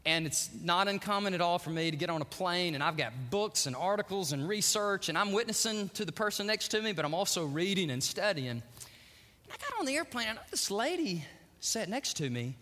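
A middle-aged man preaching a sermon, animated, acting out the voices he quotes and laughing often. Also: sits high, fairly quick, big-room sound. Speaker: pastor.

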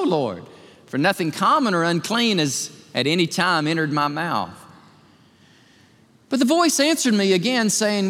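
Animated preaching man, high voice. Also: a little slow, in a large hall. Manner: animated preaching, acting out voices with big pitch swings. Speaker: pastor. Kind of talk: sermon. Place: church sanctuary.

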